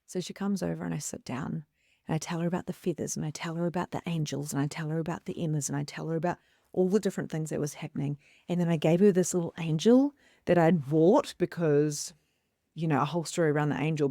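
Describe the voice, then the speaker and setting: A woman with a New Zealand accent, a psychic medium hosting her own channel, telling a personal story with lively, animated delivery and acted-out quotes. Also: quick pace, creaky, no echo, studio quality. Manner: expressive, acts out her own quoted lines with big pitch jumps.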